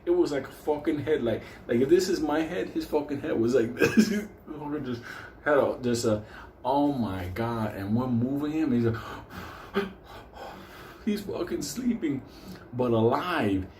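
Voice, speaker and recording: A man tells a profane neighborhood story in a mellow, dark voice, laughing between lines. The sound is roomy and echoey, with a faint hum of ambience behind him. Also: medium pitch, moderate pace. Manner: animated, swearing constantly, laughing through the story. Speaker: storyteller host.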